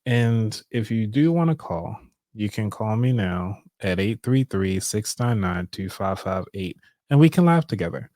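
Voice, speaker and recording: A man's voice: lowish voice, expressive, measured pace, darkish tone, no room sound, studio quality. A man hosting a live show, talking casually and upbeat, breaking into laughter often. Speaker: show host. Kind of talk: casual live-stream talk.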